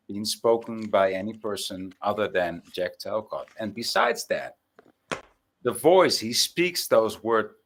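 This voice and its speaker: A man chats casually as a guest on a stream. He speaks haltingly, stammering and restarting his sentences often. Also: on the low side, a bit bright, a little hiss or hum. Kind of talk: casual chat.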